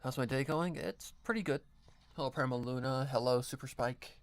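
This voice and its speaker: A man talks to his viewers on a live stream while he works at his editing, his pitch sitting in an ordinary middle range. He rambles, corrects himself partway through sentences and drops casual swears. It sounds like a home desk mic setup. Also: moderate pace, dry recording. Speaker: streamer editing an audio drama.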